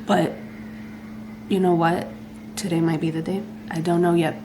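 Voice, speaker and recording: A young woman talking straight to her camera in a casual vlog. Her voice sits a little low for a woman. She chats excitably and fills her talk with likes and you-knows. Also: normal speed, noisy background. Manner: chatty, filler-heavy, excitable. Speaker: vlogger.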